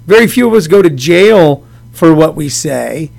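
High-voiced man in his sixties, rambling. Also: lively intonation, normal speed, gravelly, darkish tone. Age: 60s. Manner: rambling anecdotes told in a storyteller's way. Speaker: stand-up comedian. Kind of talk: casual interview chat.

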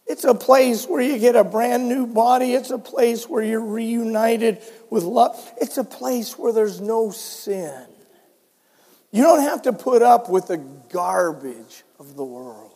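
An older man preaching a sermon as pastor, telling stories and swinging between soft and loud delivery. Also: very high-pitched, takes it slowly, in a large hall. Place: church sanctuary.

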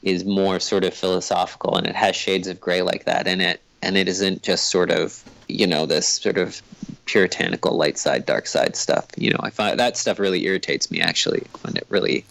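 A man guest on a podcast, talking in a thoughtful, rambling way with many pauses. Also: deep voice, fairly even intonation, creaky, a bit bright, no room sound, poor audio. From Canada. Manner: rambling, thoughtful, hesitant with fillers. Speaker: guest, comic creator. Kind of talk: casual podcast chat.

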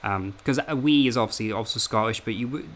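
A man's voice: medium pitch, fast, fairly bright tone. A man hosting a casual podcast chat, explaining at length with many hesitations and fillers. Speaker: podcast host.

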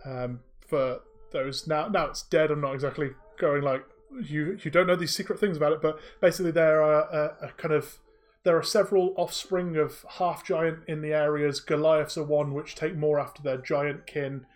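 A man's voice: a little high, fairly even intonation, moderate pace. A man narrating a tabletop game as game master, hesitant and full of restarts. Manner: hesitant, many fillers and restarts.

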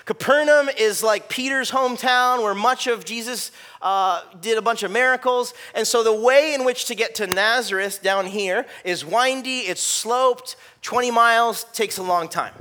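A man's voice: very high voice, moderate pace, sharp tone, slight background noise. A young adult man preaching a sermon in a casual, conversational way, with lots of fillers. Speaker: pastor.

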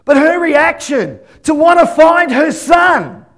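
A middle-aged pastor whose voice sits high for a man. He preaches with animated storytelling, acting out the people in his family stories as he goes. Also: takes it slowly. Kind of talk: sermon.

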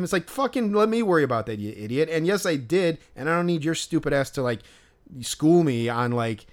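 A man's voice: on the high side, lively intonation, fairly quick. A man co-hosting a podcast, in casual chat, ranting and swearing a lot. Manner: profane, ranting. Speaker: podcast co-host.

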